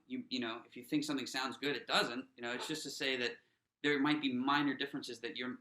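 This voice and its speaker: A man of middling pitch coaches drummers through a workshop, talking loosely with plenty of "um" and "you know" and counting the group in. His voice is bright and forward. The room around him rings with a roomy echo. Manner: casual, encouraging, many fillers and restarts; counts players in aloud. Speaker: snare drum instructor. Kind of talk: teaching a workshop lesson.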